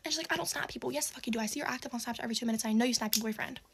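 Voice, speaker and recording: A woman's voice: on the high side, rapid-fire, fairly bright tone, breathy edge. A teenage girl telling a storytime monologue, rambling with lots of "like", swearing and exasperated asides. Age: teens.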